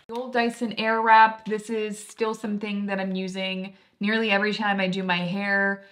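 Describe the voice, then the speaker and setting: A woman's voice: mid-range voice, flat delivery, normal speed, hardly any pauses, a bit bright. Casting: young woman, chatty beauty vlogger, mid-range voice, lots of fillers. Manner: chatty, filler-heavy, enthusiastic. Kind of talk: casual product review.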